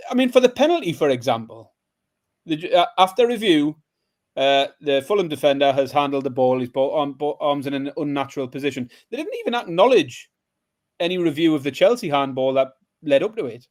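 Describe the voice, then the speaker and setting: Exasperated man, slightly high voice. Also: animated, fairly quick. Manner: exasperated, emphatic complaining. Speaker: podcast co-host. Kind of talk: casual chat.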